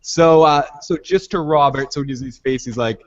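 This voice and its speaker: A man's voice: a little high, a little fast, highs cut off. A man co-hosting a podcast, casually recapping an episode and loosely quoting characters' lines as he goes. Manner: retells scenes by quoting lines, loose and rambling.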